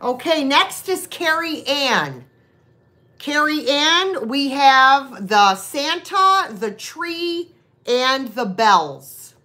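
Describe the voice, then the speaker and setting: A woman's voice: high voice, very animated, extremely slow, sharp tone. A woman hosting a live online sale, chatting casually with buyers and making rambling, self-deprecating asides. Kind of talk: casual live-stream selling chat.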